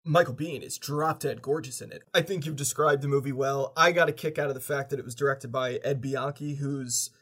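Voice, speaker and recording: A man's voice: medium pitch, steady tone, fairly quick, few pauses, a bit bright. A man co-hosting a casual movie podcast, talking enthusiastically and swearing casually. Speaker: podcast co-host. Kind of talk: casual film discussion.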